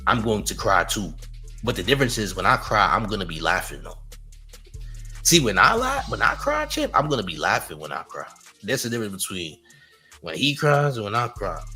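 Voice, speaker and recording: Young male livestream host, low voice, punchy and cocky, repeats himself, laughs at his own jabs. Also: pushed and bright. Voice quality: boastful, trash-talking. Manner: repeats phrases, laughs between lines. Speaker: YouTube commentary host. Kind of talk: livestream commentary with chat.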